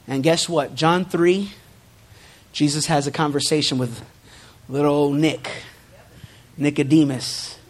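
A man's voice: a little high, steady tone, measured pace, pauses often. A man preaching a sermon to his congregation, building emphasis through repeated phrases and dropping in joking asides. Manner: emphatic preaching with rising, forceful repetitions. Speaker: pastor.

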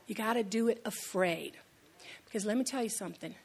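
A woman's voice: medium pitch, a little fast, darkish tone, slightly rough. A woman pastor giving a sermon in a conversational, storytelling way, repeating key lines for emphasis.

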